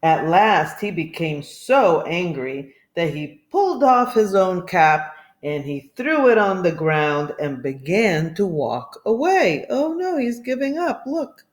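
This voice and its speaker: A woman reading a children's picture book aloud, expressive and asking listeners questions. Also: fairly low pitch, takes it slowly, few pauses. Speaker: storybook reader. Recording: echoey room.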